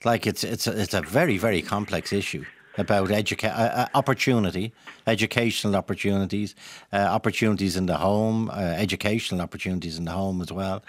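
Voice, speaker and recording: A man with a Dublin accent hosting a radio phone-in, pushing back on a caller in a measured way with some hesitation. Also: low voice, no room sound. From Ireland. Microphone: studio mic.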